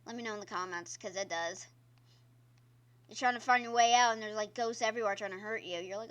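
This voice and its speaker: A woman's voice: mid-range voice, brisk, fairly bright tone, dull audio. A woman streamer giving casual gameplay commentary, chatty and exclaiming at the game while talking to her viewers. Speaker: gaming streamer. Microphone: own microphone.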